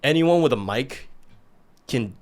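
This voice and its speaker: A man's voice: mid-range voice, slow. Man venting casually as podcast host. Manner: swears a lot, animated, venting. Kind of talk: casual chat.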